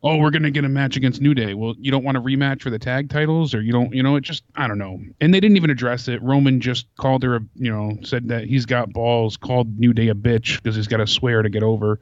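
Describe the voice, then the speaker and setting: A man's voice: medium pitch, fast, hardly any pauses, no room sound, dull audio. A man co-hosting a wrestling review stream, talking in a conversational, mildly critical way. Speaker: co-host. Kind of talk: casual remote commentary.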